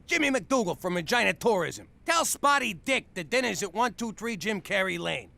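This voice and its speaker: A gravelly, brash cartoon mobster. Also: male voice, sits high, sing-song, normal speed, sharp tone, a little hiss or hum, heavily acted. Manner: tough-guy mobster slang. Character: blustering middle-aged mobster husband. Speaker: tourism worker. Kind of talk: animated series voice acting.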